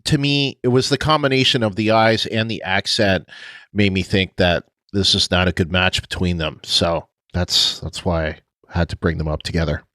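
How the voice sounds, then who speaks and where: A man's voice: sits low, moderate pace, pushed and bright, no echo. A man co-hosting a podcast in casual chat, rambling through his point with frequent restarts and laughs. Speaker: podcast co-host.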